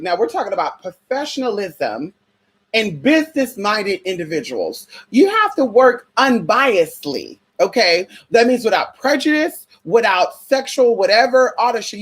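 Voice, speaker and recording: A woman's voice: a little high, breathy edge. A young adult woman from the United States in a casual opinion rant, sassy and profane, calling listeners honey and girl. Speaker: spiritual vlogger.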